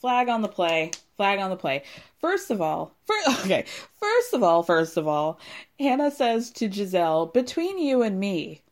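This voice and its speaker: A young woman hosting a casual recap podcast, animated and sarcastic, swearing freely and acting out what people said. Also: medium pitch. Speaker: podcast host recapping a reality show.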